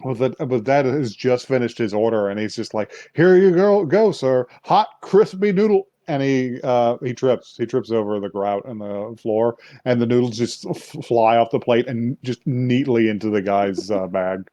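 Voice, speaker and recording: A man hosts a casual podcast, recapping a story with lively energy and frequent laughter. His voice sits at a mid pitch, and the sound is dry and close to the mic. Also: normal speed, hardly any pauses, dry recording. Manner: animated, laughing storyteller who acts out voices. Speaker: podcast host. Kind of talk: casual chat recapping an anime.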